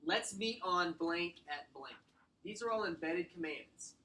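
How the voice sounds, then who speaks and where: A man giving a sales training talk to a small room, acting out client scripts and slowly stressing short commands. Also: high voice, lively intonation, pushed and bright, low-quality recording. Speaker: real estate sales trainer.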